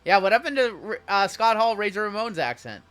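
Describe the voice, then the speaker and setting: A man's voice: high-pitched, very animated, normal speed, fairly bright tone, faint music behind. A man hosting a live card break, chatting with viewers as he calls out cards and spots. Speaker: sports card break host.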